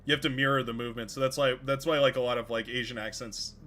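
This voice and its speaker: A man's voice: mid-range voice, steady tone, fast, sharp tone, soft background music. A young man hosting a game livestream, rambling casually with frequent laughs and restarts. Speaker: stream host and game caster.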